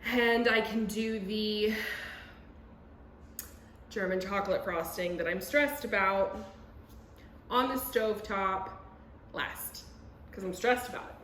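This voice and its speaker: A young woman chatting excitedly and making fun of herself while baking in her home kitchen for a vlog. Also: mid-range voice, slow, pauses often, echoey room, slight background noise. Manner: chatty, excitable, self-mocking. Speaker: vlogger. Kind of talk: casual cooking vlog.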